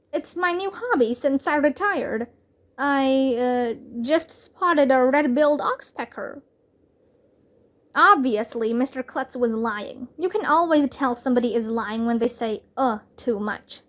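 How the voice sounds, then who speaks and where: A woman whose first language is Vietnamese reading a children's chapter book aloud in a clear, lively storytelling manner. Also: high voice, unhurried. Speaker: reader.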